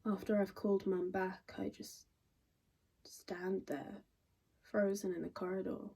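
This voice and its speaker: A sardonic young woman in her twenties delivers a stage monologue full of dry, crude asides. Her voice is dark and a little husky. She sounds a touch distant from the mic. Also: medium pitch, unhurried. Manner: wry, deadpan, crude asides. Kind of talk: theatrical monologue.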